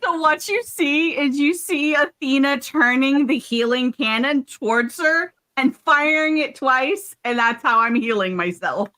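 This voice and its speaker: High bright woman player. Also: a little slow, hardly any pauses. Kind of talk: casual chat.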